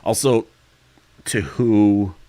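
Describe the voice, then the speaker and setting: Male streamer, very low voice, dry close sound, rambling chat Q&A. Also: extremely slow, dark tone, no room sound. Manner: rambling, chatty, frequent fillers and self-corrections; sometimes yawning mid-speech. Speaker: streamer reading live chat. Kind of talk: casual livestream Q&A.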